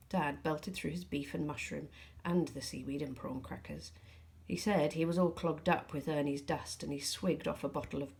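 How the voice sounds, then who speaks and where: A woman teacher reading a novel aloud to pupils in a steady, calm storytelling voice. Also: low voice, creaky, breathy edge.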